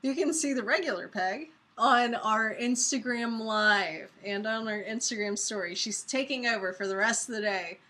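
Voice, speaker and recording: A woman co-hosting a casual live webinar, relaxed and chatty as she explains things. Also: a little high, normal speed, hardly any pauses. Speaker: co-host.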